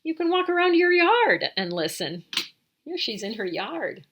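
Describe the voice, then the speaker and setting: A woman's voice: fairly high pitch, sing-song, a little slow, highs cut off, slight background noise. A woman hosting a children's storytime, reading a picture book aloud, imitating animal sounds and asking the little listeners questions. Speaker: storytime host.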